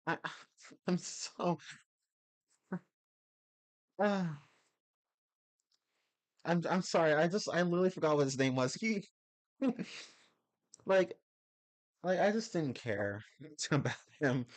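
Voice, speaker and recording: A man's voice: a little high, lively intonation, takes it slowly, pauses often. A man ranting casually on a livestream, rambling with many restarts and laughing as he talks. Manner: rambling, restarts often, laughs into his words. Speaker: streamer.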